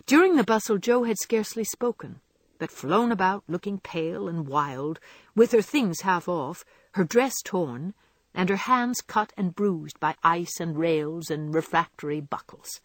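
A woman narrating a classic novel in an expressive, measured storytelling voice. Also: fairly low pitch, no room sound. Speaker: audiobook narrator.

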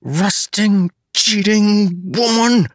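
A man's voice: sits high, very slow, no echo, clean studio sound, pitched above the performer's own voice. A man voicing a brash hot-tempered brawler. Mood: angry. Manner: exasperated, swearing outbursts.

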